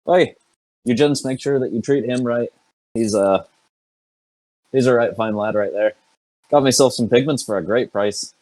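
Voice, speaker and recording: A man's voice: mid-range voice, moderate pace, long pauses, a little mellow, no room sound, pitched above the performer's own voice, natural voice, poor audio. A man voicing a sly, cheerful adventurer haggling with a shopkeeper in a raised, jaunty voice. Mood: jovial.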